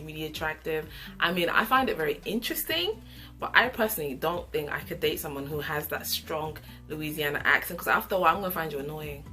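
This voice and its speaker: A young woman giving an opinionated, sassy casual review of a reality show, with animated asides. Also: sits low.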